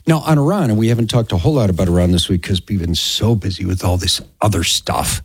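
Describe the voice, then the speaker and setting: A man's voice: low-pitched, fast, breathy edge, no echo. A man hosting a talk radio show, chatting casually and taking on-air questions. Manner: relaxed, conversational, frequent "yeah".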